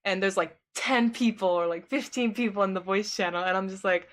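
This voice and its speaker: A woman's voice: mid-range voice, expressive, moderate pace, hardly any pauses, fairly bright tone. A woman streamer chatting casually with her live chat. She rambles, fills her talk with "like" and laughs often.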